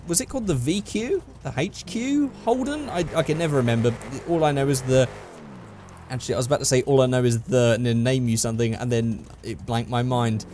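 A man's voice: medium pitch, a little mellow, a little hiss or hum. A man hosting a gaming channel, chatting casually over gameplay alone in a small room into a microphone, rambling and poking fun at himself. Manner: rambling and self-deprecating, with frequent restarts. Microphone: desk microphone.

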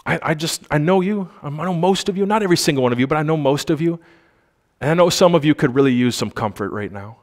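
A pastor delivers a church sermon in a conversational way, calling on the congregation to respond and reading scripture aloud slowly and with emphasis. His voice sits a little high and is expressive.

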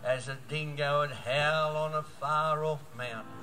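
A man's voice: on the high side, fairly even intonation, measured pace, low-quality recording. A man in his seventies with an Australian accent, reciting a bush poem in a rhythmic storytelling way over music. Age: 70s. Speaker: bush poet.

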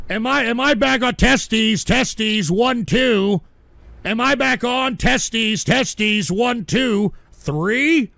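A man hosting a livestream radio show, ranting profanely about his chat and breaking into abrasive shouting bursts. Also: extremely high pitch, slow pace, creaky, soft background music. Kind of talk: profane on-air rant reading chat.

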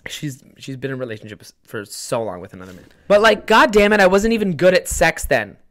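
A man's voice: fairly high pitch, very animated, fairly quick, fairly bright tone. A young man hosting a podcast, telling a casual, rambling story from home with lots of swearing and self-mocking asides. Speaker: podcast host.

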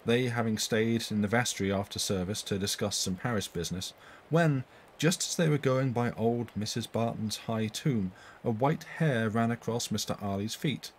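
Low-voiced man reading a ghost story. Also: a little hiss or hum, rough recording. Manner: reads quoted speech in a raised voice, corrects his own slips. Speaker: narrator reading a story aloud. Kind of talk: live-streamed story reading.

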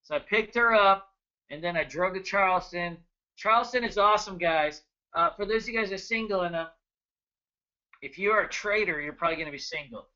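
A man in his thirties with a high, piercing, bright voice hosts a live trading webinar, full of jokes and quick greetings to viewers. The sound is dull and lo-fi, like a computer mic. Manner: energetic, joking, chatty, greets viewers by name. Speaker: trading educator hosting a webinar. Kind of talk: casual live webinar talk.

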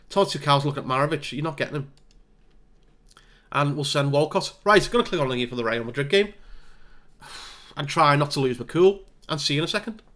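Exasperated gamer commentating a match; bright, slightly high voice. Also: male voice. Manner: exasperated, animated play-by-play. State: hay fever. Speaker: gaming YouTuber. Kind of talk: live game commentary.

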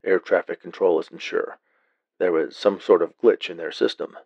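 A man voicing a calm male police officer with a flat, matter-of-fact manner. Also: low-pitched, normal speed, no room sound, highs cut off. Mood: deadpan.

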